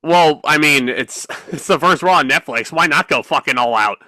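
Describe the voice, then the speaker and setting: Bright-voiced young man, casual wrestling chat. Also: fairly high pitch, normal speed, no room sound, poor audio. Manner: profane, laid-back, fan slang. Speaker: podcast co-host.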